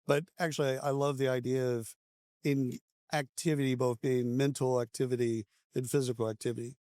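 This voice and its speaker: A man hosting a casual interview at a conference, upbeat and encouraging, firing off quick follow-up questions. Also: mid-range voice, flat delivery, dark tone, clear, resonant tone, no echo, studio quality. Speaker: podcast host. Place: conference venue.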